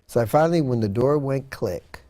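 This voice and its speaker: A man's voice: medium pitch, expressive, fairly quick, mellow, no room sound. A man telling a personal story in an interview, earnest and dramatic, acting out what people said. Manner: earnest, dramatic retelling with acted-out quotes. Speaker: guest.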